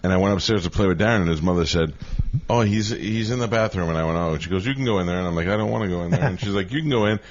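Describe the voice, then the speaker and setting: A man in his forties, a guest in a casual chat, talking bluntly and quickly about awkward moments. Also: deep voice, lo-fi sound. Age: 40s. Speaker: podcast guest.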